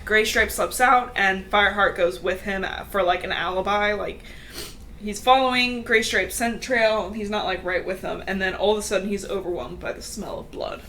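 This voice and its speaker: A woman's voice: medium pitch, steady tone, moderate pace, sharp tone, a little hiss or hum. A woman hosting a podcast, chatting casually through a book recap with lots of fillers and giggles. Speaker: podcast host.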